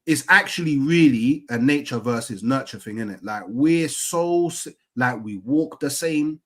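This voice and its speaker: A man's voice: mid-range voice, expressive, measured pace, fairly bright tone. A man in casual chat, rambling and full of fillers and slang.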